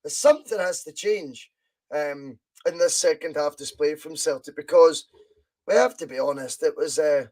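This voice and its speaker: A Scottish man hosting a football podcast, giving live fan commentary on a match, chatty and reading out viewer comments, with excited bursts at chances. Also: on the high side, moderate pace.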